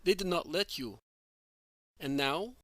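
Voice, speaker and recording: A man reading the part of a calm, gentle male teacher who asks mild questions. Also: on the high side, slow, dry recording, studio quality.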